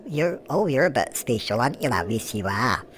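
Sing-song and fairly quick, a man's natural, mid-range voice carries a cheeky, fussing elderly British grandmother's gossipy take on a life-sim game. She coos "love" at everyone and answers her own questions in this comic let's-play, with background noise and background music.

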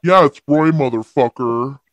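A woman's voice: a bass voice, unhurried, no room sound, pitched below the performer's own voice. A woman putting on a mock-macho man's voice as a cocky tough guy on a prank call. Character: blustering tough-guy man named Roy. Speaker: prank caller.

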